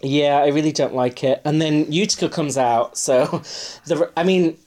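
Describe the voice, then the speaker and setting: A man's voice: fairly high pitch, measured pace, a little mellow. A man in casual chat as a podcast co-host, telling stories wryly and often laughing.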